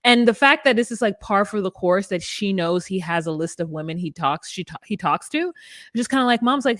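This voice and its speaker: A woman's voice: mid-range voice, expressive, dry recording, studio quality. A woman co-hosting a podcast, recapping a reality show in casual chat and acting out the people she quotes. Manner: fast, acts out quotes with put-on voices. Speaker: podcast co-host.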